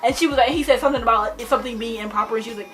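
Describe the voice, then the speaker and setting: A young adult woman rambling excitedly through a book chat, gushing and full of fillers. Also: on the high side, racing. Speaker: book vlogger.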